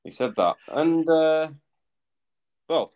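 A man's voice: on the high side, animated, slow, darkish tone. A man co-hosting a football podcast, telling match stories in a teasing, laid-back way. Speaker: podcast co-host. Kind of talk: casual football chat.

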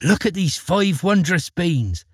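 A man voicing a polite, quick-witted young boy who speaks brightly and eagerly in a storybook reading. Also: high voice, animated, slightly rough, no echo, clean studio sound, voice pushed up, heavily acted.

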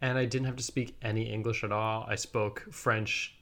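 A man in his thirties co-hosting a podcast, chatting casually and telling animated stories with frequent laughter. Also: lowish voice, moderate pace. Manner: laughs often, animated storytelling. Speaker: podcast co-host. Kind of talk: casual chat.

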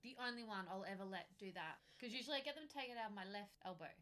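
A woman chatting casually, telling an animated anecdote with casual swearing. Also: mid-range voice, rapid-fire. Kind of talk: casual chat.

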